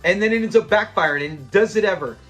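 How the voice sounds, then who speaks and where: A man with a high voice talks through a sitcom episode in a casual, animated recap. He laughs often and jumps into the characters' lines as he retells each scene, with faint music underneath. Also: quick pace. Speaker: YouTube episode reviewer.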